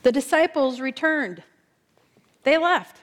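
A woman preacher telling a story in a sermon, slowing down and dropping her voice soft for emphasis. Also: high-pitched, lively intonation.

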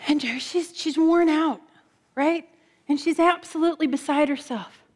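A woman preacher telling a story in a sermon, slowing down and dropping her voice soft for emphasis. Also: high voice.

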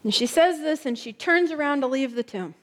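A woman preacher telling a story in a sermon, slowing down and dropping her voice soft for emphasis. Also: high-pitched, expressive.

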